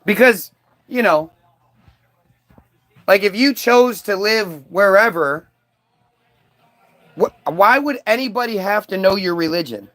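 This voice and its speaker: A male commentator rants through a casual reaction video, his voice sitting high for a man. His tone is sarcastic and scornful as he talks over what he is watching. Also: animated, slow pace, long pauses, a bit bright. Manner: ranting, sarcastic.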